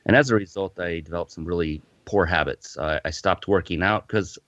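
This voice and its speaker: A fitness company founder appears as a podcast guest, animatedly telling a personal story in a casual interview and frequently restarting his sentences. His voice sits low and moves fairly quickly. The audio is muffled, lo-fi, and dry, with no echo.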